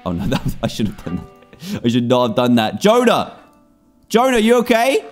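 A man's voice: medium pitch, huge pitch swings, brisk, soft background music. A man hosting a gaming channel, giving let's-play commentary and chattering and exclaiming at the animals in the game.

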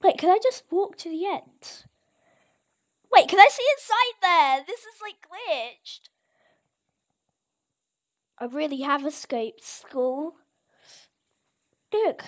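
A woman host giving casual gameplay commentary, excitable and exclaiming at each surprise. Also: very high-pitched, takes it slowly, pauses often. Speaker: gaming channel host.

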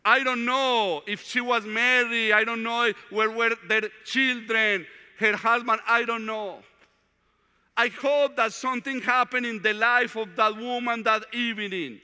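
Guy preaching a testimony in a big hall, high bright voice, long echo. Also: fairly even intonation, unhurried, clean tone. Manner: heartfelt storytelling, plain non-native English. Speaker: retreat speaker. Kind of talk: testimony talk.

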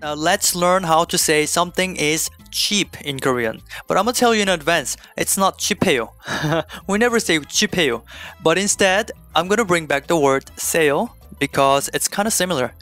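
A man delivers an online language lesson in a slightly raised voice, explaining each step clearly and adding playful little jokes. Soft music plays faintly behind him. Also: a little high, moderate pace. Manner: playful, slips in small jokes. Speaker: Korean language teacher.

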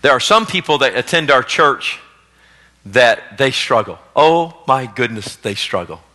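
A man preaching a sermon as pastor, swinging between loud exhortation and hushed storytelling. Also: mid-range voice, lively intonation, a little slow. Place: church sanctuary, live service. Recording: long reverb of a church hall.

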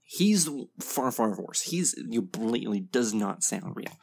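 A man's voice: lowish voice, very animated, a little slow, creaky, faint music behind. A man hosting a casual reaction video, giving blunt, opinionated commentary full of ums and short laughs. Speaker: video game reaction host.

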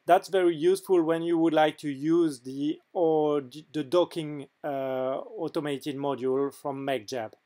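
A man with a French accent, French his first language, narrating a software demo in a hesitant way with frequent filler pauses. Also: a little high, fairly even intonation. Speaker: game mod developer.

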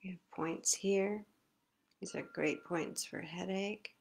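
Slow, gravelly woman guiding face massage. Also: mid-range voice, steady tone. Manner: slow, soothing step-by-step cues. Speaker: self-care instructor. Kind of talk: live-streamed guided face massage.

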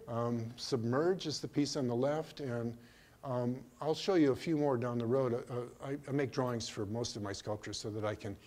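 A man's voice: mid-range voice, moderate pace, darkish tone. Hesitant older man giving a talk. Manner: hesitant, full of ums and restarts. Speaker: artist giving a museum talk. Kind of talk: slide lecture.

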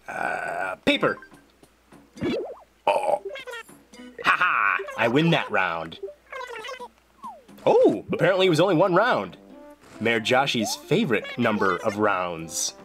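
Lively gameplay narrator, jokey and excitable, game music audible in the background. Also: medium pitch, unhurried. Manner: playful, jokey, excitable outbursts. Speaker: gameplay video journal host. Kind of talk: casual gameplay commentary. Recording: game music clearly behind the voice.

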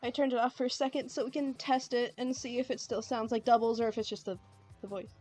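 A woman's voice: a little high, level tone, quick pace, a little mellow, soft background music. A woman live-streaming a game and chatting casually with viewers, giggly and bubbly, flustered and self-deprecating, with a robot voice filter on. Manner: giggly and bubbly, laughs often.

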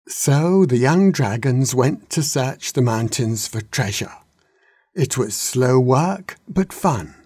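Slow, gentle male storyteller. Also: medium pitch, breathy edge, no echo, studio quality. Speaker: narrator. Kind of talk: children's storybook reading.

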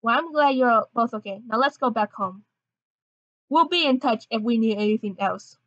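A woman voicing a formal male French police inspector with a halting fake accent, on a dull lo-fi recording. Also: fairly high pitch, fairly bright tone, dry recording.

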